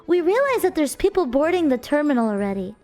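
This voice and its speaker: A young woman with a notably high voice tells a story in an animated, casual streamer style. She keeps checking in with her listeners, and faint music plays behind her. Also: fast talker. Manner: animated, chatty, checks in with "right?".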